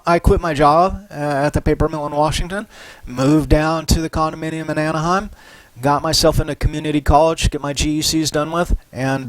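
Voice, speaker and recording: A middle-aged man gives a recorded university psychology lecture in a relaxed, conversational style, often adding "right?" and "you know." His voice is a little high, and the audio quality is poor.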